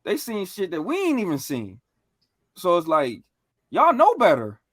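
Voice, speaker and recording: A man on a podcast telling stories in a casual, animated way, full of slang and profanity. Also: high-pitched, measured pace, no room sound, clean studio sound. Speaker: podcast co-host.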